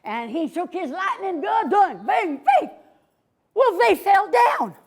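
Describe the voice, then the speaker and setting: Brief: lively woman children's storyteller, high and swooping, folksy cowgirl manner. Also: slow pace, some chatter behind. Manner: folksy cowgirl persona, call-and-response with children. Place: library story room with children.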